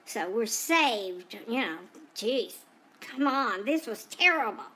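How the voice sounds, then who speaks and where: A woman's voice: fairly high pitch, lively intonation, slow, sharp tone, heavily acted. Woman voicing a gossipy female pet dog. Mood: chatty. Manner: rambling gossipy storytelling with frequent asides. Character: chatty female dog telling her day. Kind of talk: first-person pet vlog narration.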